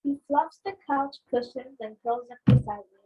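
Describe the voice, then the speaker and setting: A woman's voice: sits high, normal speed, mellow, husky, poor audio. A woman reads a picture book aloud at a book club, expressively acting out the sound effects.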